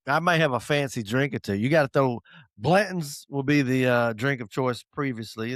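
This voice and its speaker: A man talks in a casual podcast chat. He is animated and playful and swears now and then. His voice sits in a middle pitch and is recorded close and dry. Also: no room sound. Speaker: podcast co-host.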